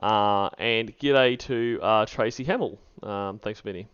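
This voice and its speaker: A man hosting a livestream, talking casually and haltingly with lots of ums. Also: lowish voice, fairly bright tone, clean tone, no room sound, lo-fi sound. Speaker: stream host.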